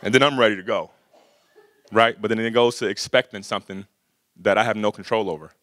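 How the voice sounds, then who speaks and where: The speaker is a middle-aged man at a workshop, telling casual stories loaded with "you know" and "right?" His voice is fairly low, steady and a bit bright, his pace brisk, with no room sound in the recording.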